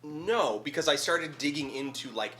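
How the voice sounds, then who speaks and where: Bright-voiced, analytical male guest. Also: a little high, expressive, moderate pace. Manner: thoughtful, analytical explainer with many "like" fillers. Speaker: guest video essayist. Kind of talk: casual chat on a charity stream.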